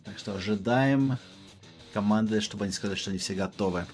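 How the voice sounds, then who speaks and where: A man's voice: lowish voice, fast, a little mellow, soft background music. A man hosting a live stream, calling a competitive match in a casual, joking way. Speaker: host.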